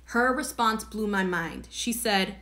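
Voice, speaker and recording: Bright-voiced woman telling a heartfelt story. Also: medium pitch, slow pace. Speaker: podcast host. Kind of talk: personal birth story.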